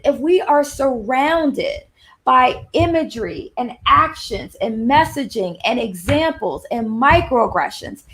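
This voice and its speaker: A woman in her fifties with a Southern accent, giving an animated presentation with emphatic shifts in pace. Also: sits high. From Long Island, New York. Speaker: speaker on workplace anti-racism. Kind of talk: presentation to an audience.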